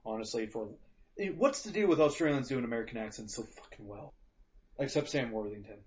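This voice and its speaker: A man's voice: mid-range voice, animated, brisk. A man co-hosting a podcast in casual chat, swearing freely and acting out quotes as he jokes. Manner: profane, joking, acts out quotes. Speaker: podcast co-host. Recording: dull lo-fi podcast audio.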